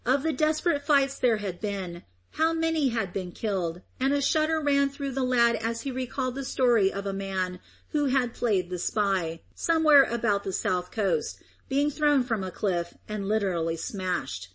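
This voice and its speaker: A woman narrating an old adventure novel aloud as an audiobook reader, in a steady, even storytelling manner. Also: on the high side, moderate pace, hardly any pauses. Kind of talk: scripted narration.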